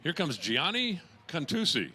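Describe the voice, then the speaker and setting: This man's voice sits a little high, with pitch that swoops wildly, an unhurried pace and a pushed, bright tone, over slight background noise. As track announcer doing live drag-race commentary, he trades chatty jokes and puns between runs, raising his voice at launches and finishes.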